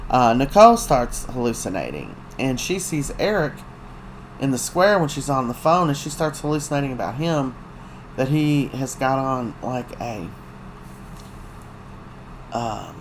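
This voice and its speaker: A talkative host recaps a soap opera's week in loose, gossipy chat, full of ums and uhs and quick acted-out lines from the characters. The voice sits at a middling pitch. A faint hum runs underneath. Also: sing-song, rough recording. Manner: chatty, gossipy storytelling with many fillers.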